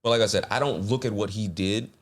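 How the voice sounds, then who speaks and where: A young man co-hosting a podcast with a fairly low voice. He talks bluntly and sounds exasperated, packing his lines with filler words. It's loose, casual conversation. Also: quick pace. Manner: blunt, exasperated commentary with lots of "like". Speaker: podcast co-host. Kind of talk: casual chat.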